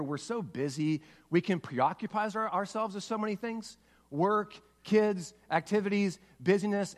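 A man's voice: on the high side, long reverb tail. A man pastor giving an earnest, conversational sermon, piling up short lists of words.

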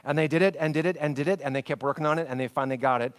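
A male preacher delivers a sermon in a fairly high voice. He tells stories with lively swings between loud, emphatic lines and hushed, quiet passages, sometimes tripping over names. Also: rapid-fire. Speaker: pastor.

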